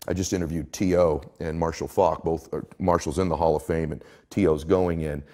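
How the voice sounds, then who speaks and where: Deep-voiced emphatic man telling stories. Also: fairly even intonation, brisk, warm tone. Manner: emphatic, storytelling, acts out quotes. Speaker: interview guest, coach. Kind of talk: motivational interview talk.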